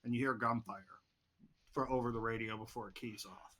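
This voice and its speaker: A man running a tabletop game as game master, narrating vividly and dramatically. His voice is bright and forceful. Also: mid-range voice, fairly even intonation, fairly quick.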